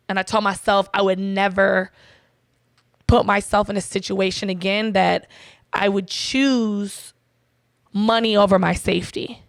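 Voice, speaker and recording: A young woman recounts her own experience bluntly, swearing freely and acting out both sides of the exchange. Her voice carries a gravelly, creaky edge. The sound is dry and close, with no room echo. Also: mid-range voice. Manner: blunt, profane, quotes herself and others. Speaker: guest. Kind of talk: candid personal storytelling.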